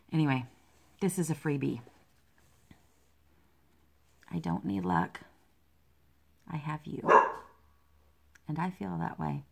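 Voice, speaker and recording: A woman's voice: deep voice, unhurried, vocal fry, pauses often, noisy background. A woman vlogging casually about her cross-stitch designs, rambling, self-deprecating and easily distracted by her pets. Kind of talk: casual chat while stitching.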